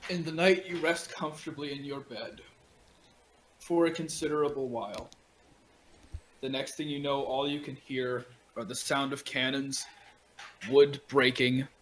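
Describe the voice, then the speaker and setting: A man's voice: medium pitch, fairly even intonation, a little slow, pauses often, a bit bright, a little hiss or hum, low-quality recording. Man narrating as game master.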